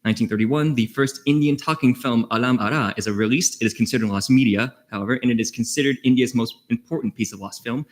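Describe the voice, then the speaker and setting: A young man rattles off a committee report at a quick clip, slipping in jokes and trivia. His tone is playful and chatty, and his voice sits at a middling pitch. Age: young adult. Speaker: committee chair giving a report. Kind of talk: jokey committee report at a student meeting.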